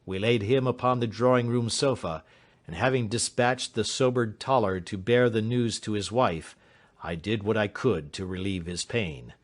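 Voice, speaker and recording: A man giving a measured, dramatic audiobook narration. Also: on the low side. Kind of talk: scripted narration.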